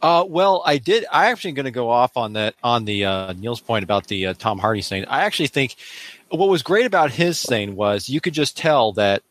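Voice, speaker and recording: A man's voice: mid-range voice, animated, a little fast, a bit bright, no echo. A man chatting casually about a movie, rambling and laughing often as he acts out bits of scenes. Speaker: podcast panelist. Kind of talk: casual movie review chat.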